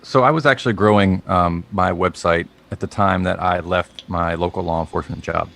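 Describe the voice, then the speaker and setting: A man's voice: low-pitched, brisk, gravelly, a bit bright. A man as a podcast guest chatting casually over a video call, dry and matter-of-fact with frequent filler sounds. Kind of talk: casual chat.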